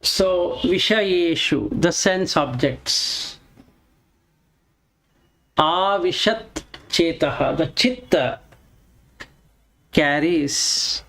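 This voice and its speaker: Slow man teaching Sanskrit scripture. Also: on the high side, vocal fry, fairly bright tone, rough recording. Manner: chants Sanskrit verses then explains word by word. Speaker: Vedanta teacher.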